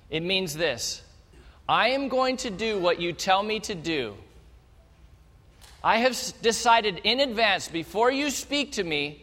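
A male pastor preaching a sermon, telling the story with animated energy and speaking straight to the congregation. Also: high voice. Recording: long hall reverb.

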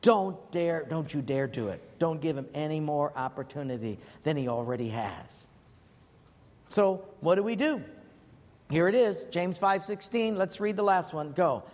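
High-voiced preacher in a reverberant hall. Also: male voice, normal speed. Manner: animated storytelling with many fillers. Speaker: pastor. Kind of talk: sermon. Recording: long hall reverb, faint ambience.

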